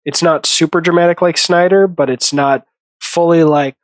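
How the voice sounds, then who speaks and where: A man's voice: a little high, fairly even intonation, normal speed, dry recording. A man hosting a casual movie commentary, rambling, correcting himself and laughing often.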